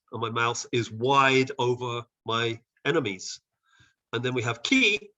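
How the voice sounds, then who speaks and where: A man who advises on Bible translation, leading a session on a video call with thoughtful explanations, often pausing and restarting. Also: medium pitch, sharp tone, lo-fi sound. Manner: thoughtful, with frequent hesitations and restarts. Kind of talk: explanatory teaching talk.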